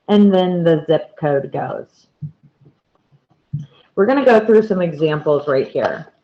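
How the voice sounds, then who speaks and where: Woman teacher, measured and deliberate, repeats key words, slow delivery, lo-fi sound. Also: on the low side. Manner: patient, repeats key words and points to examples. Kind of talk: slow, deliberate classroom explanation.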